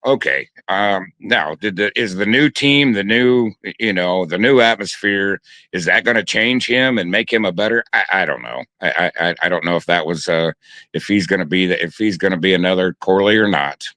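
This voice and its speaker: A man's voice: sits low, moderate pace, pushed and bright, dry recording. A man co-hosting a sports talk show, talking casually and hesitantly with frequent restarts. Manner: hesitant, many restarts and fillers.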